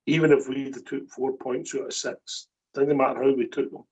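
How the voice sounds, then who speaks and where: Husky Scottish man, plain-spoken. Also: medium pitch, level tone, moderate pace, a little mellow, low-quality recording. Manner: plain-spoken, says "mate" often. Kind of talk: football phone-in chat.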